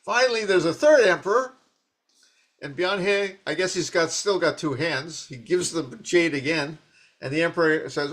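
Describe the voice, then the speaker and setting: A man giving a dharma talk as a Zen teacher, telling old stories in an animated, rambling way with many restarts. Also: high-pitched, moderate pace.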